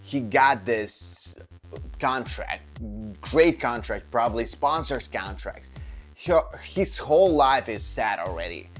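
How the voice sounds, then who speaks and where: A man's voice: medium pitch, takes it slowly, soft background music. A man hosting casual commentary on a news clip, opinionated and full of fillers like "like" and "uh". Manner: animated, opinionated, many fillers. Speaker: commentary host.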